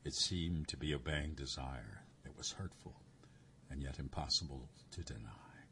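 A man narrating a story in a measured, expressive way. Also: rumbling low, creaky, slight background noise. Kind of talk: story reading.

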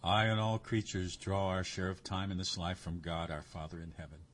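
A man voicing a devout priest who speaks calmly, tenderly and gravely. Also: low-pitched, moderate pace, a little hiss or hum. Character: gentle, devout old male priest.

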